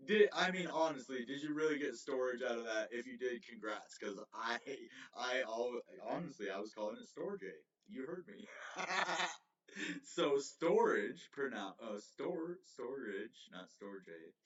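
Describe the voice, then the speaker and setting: A man's voice: mid-range voice, moderate pace, lo-fi sound. Rambling man on a distant, roomy mic. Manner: rambling, self-correcting, chuckles often. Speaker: crypto livestream host. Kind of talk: casual livestream commentary.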